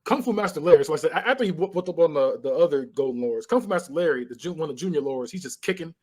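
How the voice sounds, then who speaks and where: A male podcast co-host talks very fast with lively intonation, his voice a little high but darkish in tone. He casually recaps a film scene by scene, animated, with sound effects and laughter.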